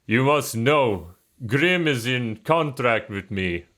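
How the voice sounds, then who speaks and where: A man voicing a booming, pompous yule spirit who holds a captive, in a put-on Russian accent. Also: slow, pushed and bright.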